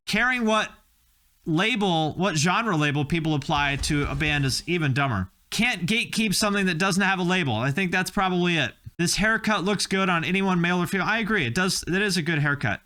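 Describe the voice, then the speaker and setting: A man with a high, bright voice gives casual reaction commentary. He sounds opinionated and wry and often pokes fun at himself. His talk stays loose and conversational. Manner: opinionated, wry, self-mocking. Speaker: host reacting to video clips.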